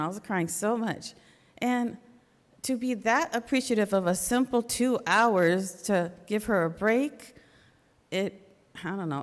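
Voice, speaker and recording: A middle-aged woman giving an informal, earnest sermon talk in a conversational way. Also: mid-range voice. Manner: earnest, conversational, with small restarts. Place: church hall. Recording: long hall reverb.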